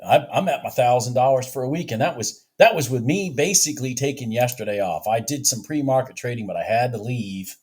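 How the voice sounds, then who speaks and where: An out-of-breath man gives live trading commentary at his desk, cheering the market on and repeating himself. His voice is husky and swings up and down a lot, and he takes his time between words. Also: fairly low pitch, darkish tone. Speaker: futures trader vlogging his trades. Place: home office.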